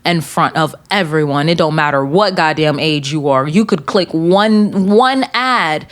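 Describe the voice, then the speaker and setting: A woman's voice: sits low, unhurried. A young woman hosting a podcast, reading listener comments aloud and reacting bluntly with plenty of swearing. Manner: blunt and profane, reacting with animated asides. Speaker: podcast host.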